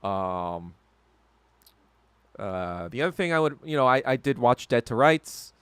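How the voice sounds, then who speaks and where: Man, podcast host, solo rant, swearing a lot, bright crisp tone, dry close sound. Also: sing-song, unhurried, dry recording. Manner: profane, heated ranting; swings from low muttering to loud outbursts.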